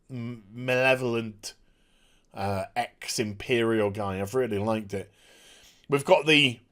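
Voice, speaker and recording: A man casually recapping a TV episode, excitable and full of scene retellings. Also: mid-range voice. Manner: excitable, retells scenes with rough impressions and sound effects. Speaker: TV show reviewer.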